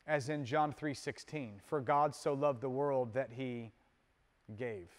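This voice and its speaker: A man preaching a sermon as pastor, moving between loud emphatic peaks and soft, low asides in a conversational manner with casual fillers. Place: church sanctuary. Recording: long hall reverb.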